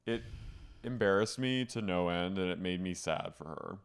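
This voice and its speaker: A man co-hosting a podcast, chatting casually about a reality show and mimicking the cast in high voices. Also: normal speed, clean tone. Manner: acts out quotes in shrill high voices, laughs often. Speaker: podcast co-host. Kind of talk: casual chat recapping reality TV.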